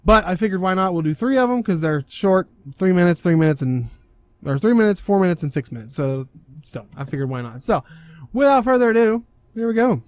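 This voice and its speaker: A man's voice: sits high, expressive, brisk, dry recording. A man introducing a reaction video in a casual, rambling way, correcting himself as he goes.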